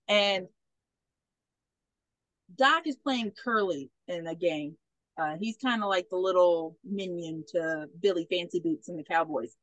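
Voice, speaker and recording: A woman hosting a podcast, recapping a movie in a casual, rambling way with plenty of swearing and quick impressions. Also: on the low side, a bit bright, dry recording, rough recording. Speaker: podcast host.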